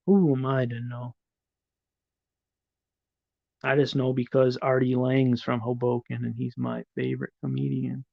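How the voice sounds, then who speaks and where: A man's voice: mid-range voice, vocal fry, darkish tone, no room sound, lo-fi sound. A middle-aged man hosting a livestream, chatting casually with viewers in a rambling, profane way. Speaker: livestream host. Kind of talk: casual live chat, answering viewers.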